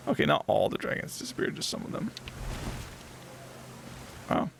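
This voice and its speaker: A playful male streamer gives relaxed, unhurried commentary over his game, his fairly high voice swinging wildly up and down. There's a gravelly edge to his tone, and a clear layer of background noise sits under the stream recording. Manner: playful, laughing, teasing the game. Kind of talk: casual live gameplay commentary.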